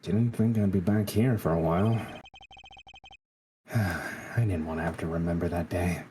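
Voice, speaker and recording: A man's voice: sits low, fairly even intonation, unhurried, mellow, very echoey, big-room sound, a little hiss or hum. A man reading a weary disbarred lawyer. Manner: weary, sighing.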